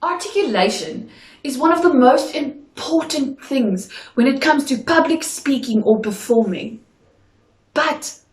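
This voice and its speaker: A woman drama teacher giving a video lesson, speaking slowly with careful, crisp articulation. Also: high voice. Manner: slow, clearly articulated delivery. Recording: echoey room.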